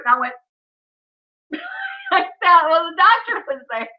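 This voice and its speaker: High-voiced laughing woman. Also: big pitch swings, a little slow, pauses often. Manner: laughs often while telling stories. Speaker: livestream host. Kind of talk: casual storytelling chat. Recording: slightly dull lo-fi audio.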